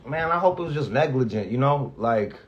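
A man's voice: medium pitch, expressive, lo-fi sound. Rambling, candid man speaking off the cuff. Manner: halting, rambling, heavy profanity, frequent restarts; earnest, emotional about being grateful. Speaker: fired radio host. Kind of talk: candid off-the-cuff vlog talk.

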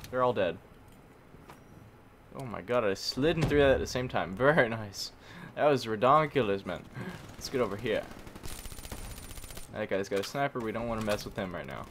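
Animated man doing game commentary. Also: lowish voice, normal speed, pauses often, background noise. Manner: animated, yelps and shouts in bursts, jokey. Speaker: gaming commentator. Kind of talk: live gameplay commentary.

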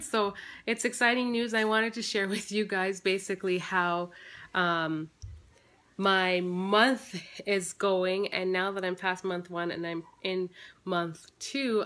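A woman's voice: lowish voice, fairly bright tone. A woman in her thirties giving a chatty vlog update, rambling with restarts and fillers, a little out of breath. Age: 30s. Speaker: family vlogger. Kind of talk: casual personal vlog update.

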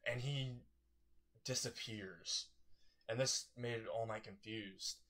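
A man's voice: medium pitch, slow, bright, forceful tone. A man casually narrating a fan story, rambling and correcting himself as he goes.

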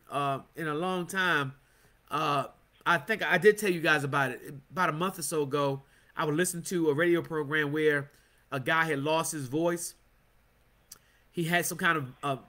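A man's voice: sits high, sharp tone. A man teaching a Bible study as a sermon, fervent and punctuated with amens and calls to praise. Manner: fervent, call-and-response with amens.

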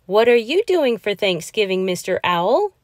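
A woman voicing an eager young boy turtle in a storybook read-aloud, with an excited, childlike delivery. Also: mid-range voice, normal speed, no echo, clean studio sound, pitched above the performer's own voice, close to an everyday voice.

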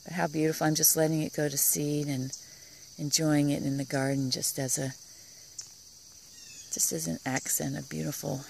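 A woman with a low voice and a gravelly edge leads a relaxed tour of her outdoor vegetable garden, admiring each plant in a soft, hushed way that sometimes drops to a whisper. She is recorded on a handheld camera outdoors, with faint crickets and insects behind her. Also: normal speed, pauses often, slight background noise. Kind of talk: casual garden tour vlog.

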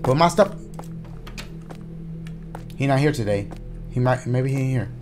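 A man casually commenting on his gameplay, cracking jokes, swearing freely and reacting loudly to scares. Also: medium pitch, expressive, measured pace, faint music behind. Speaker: gaming YouTuber.

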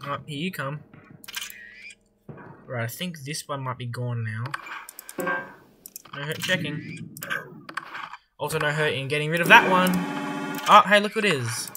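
A young adult gamer giving casual, excitable commentary over a horror game, swearing often and reacting loudly to surprises. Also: mid-range voice, a little slow, long pauses, loud music behind the voice.

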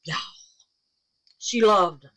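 A woman's voice: mid-range voice, slow pace, bright, forceful tone, rough recording. A woman hosting a crafting vlog in her home art room, chatting with viewers and calling them baby and darling. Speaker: resin art channel host. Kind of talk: casual crafting vlog chat.

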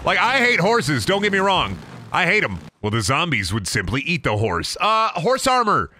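A man's voice: on the high side, wildly swooping pitch, normal speed, pushed and bright, no echo. A young man casually commentating his video game stream, swearing and riffing mockingly on what he sees.

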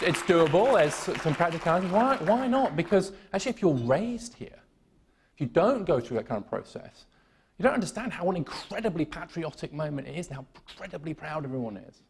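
British keynote speaker, man, gravelly timbre, dry self-mocking wit, talks through ums. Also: fairly high pitch. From United Kingdom. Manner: wry, self-deprecating humor with many fillers and restarts. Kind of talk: conference keynote talk. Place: conference hall.

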